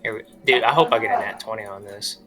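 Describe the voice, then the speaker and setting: A young man casually playing a tabletop game, goofy and relaxed, with a mid-range voice. He talks in a loose, easy way. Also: fairly low pitch, fast, over music. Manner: laid-back, goofy. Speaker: player.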